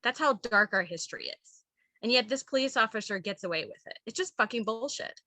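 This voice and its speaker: Woman stand-up comic, bright and fairly high, candid and rambling, laughs at her own material. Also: expressive, a little fast. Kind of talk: stand-up comedy set.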